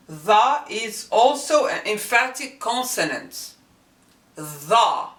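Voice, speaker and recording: A woman teaching the sounds of a script in a language lesson, slowly repeating each sound to demonstrate it. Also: medium pitch, pushed and bright. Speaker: Arabic teacher. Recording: echoey room, mic at a distance.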